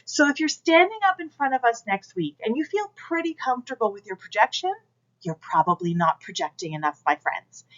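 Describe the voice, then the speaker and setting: Captured on a camera mic in a muffled recording, a woman instructor lectures her class directly, coaching students through exercises and showing projection out loud. She speaks a little fast in a fairly high, animated voice with a fairly bright tone.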